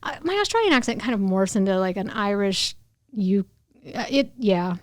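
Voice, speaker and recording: A woman's voice: medium pitch, big pitch swings, moderate pace, no room sound. A woman guest on a podcast, chatting casually and laughing often. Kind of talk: casual chat.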